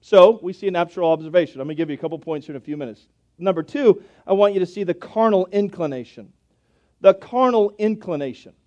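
High-voiced pastor telling folksy stories. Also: male voice, mellow, dull audio. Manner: folksy, chatty storytelling with scripture read slowly. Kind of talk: storytelling sermon. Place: church sanctuary.

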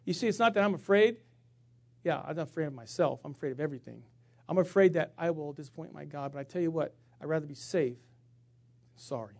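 A middle-aged male pastor preaching a sermon, swinging from hushed tones to shouting and acting out funny stories. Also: fairly high pitch, a little fast, creaky. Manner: acts out funny stories with voices.

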